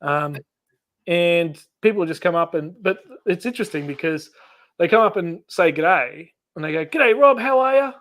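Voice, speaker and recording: An Australian man hosts a casual live stream chat, his voice sitting a little higher than most men's. He talks easily, laughs often and acts out little dialogues as he tells stories. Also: moderate pace, fairly bright tone. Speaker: channel host.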